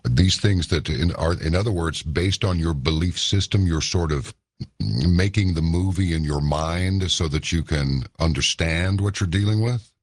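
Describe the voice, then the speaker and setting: Radio host, man with an extremely low, husky voice, folksy and chatty, close dry mic. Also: a little slow, no room sound. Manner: folksy, chatty, interjects with brief affirmations. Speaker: radio talk show host. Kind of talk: late-night radio interview.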